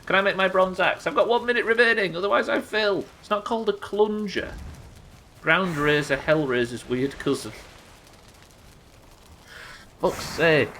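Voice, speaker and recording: A man's voice: high-pitched, animated, moderate pace, long pauses, pushed and bright, slight background noise. A young man hosting a live game stream, bantering with chat in a sweary, exasperated way. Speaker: streamer host.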